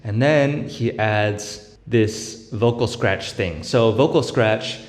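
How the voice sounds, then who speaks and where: A man with a somewhat low voice walks through a beatboxing lesson in a relaxed, step-by-step way. He fills his talk with "um" and "right?" and breaks into short vocal sound demos. The room is echoey, with a long reverb tail behind every phrase. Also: slow. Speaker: beatbox tutor. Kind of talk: casual tutorial explanation.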